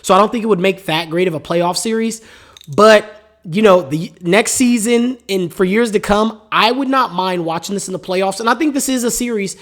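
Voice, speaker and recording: A man hosts a solo sports podcast with a high voice at normal speed, talking casually with strong opinions. His delivery is rambling and repetitive, and he has the hiccups.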